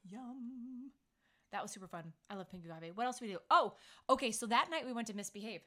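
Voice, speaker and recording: A middle-aged woman hosts a relaxed chat. She tells stories in a playful, chatty way and acts out the lines of the people she quotes. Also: medium pitch, rapid-fire. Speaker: podcast host. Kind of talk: casual chat.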